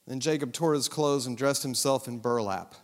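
A man's voice: medium pitch, normal speed. A man preaching a sermon, retelling a story with humorous, dramatic asides. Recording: long hall reverb.

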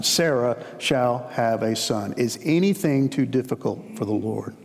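A man's voice: mid-range voice, darkish tone. A man preaching a sermon as a pastor, telling stories in a conversational way. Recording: long hall reverb.

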